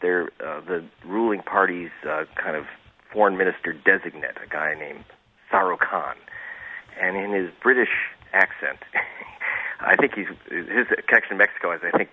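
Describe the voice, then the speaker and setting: A low-voiced man calls in to a radio show as a reporter guest. He rambles through sarcastic asides and frequent restarts. His voice comes through a thin, tinny phone line. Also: moderate pace. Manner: sarcastic, digressive, many restarts.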